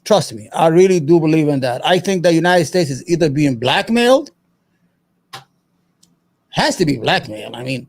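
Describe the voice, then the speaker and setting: A man's voice: a little high, animated, normal speed, pauses often. A man hosting his own show, giving angry, profane, emphatic political commentary. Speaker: show host.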